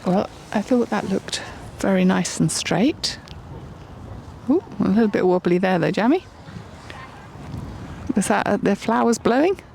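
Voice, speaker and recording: A woman with a slightly gravelly voice gives a casual running commentary while she films outdoors on a wet, windy day. She talks in a chatty way and keeps calling encouragement to the horse. There is faint background noise. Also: medium pitch, expressive, a little slow, pauses often, darkish tone. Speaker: filming and commentating at a horse event.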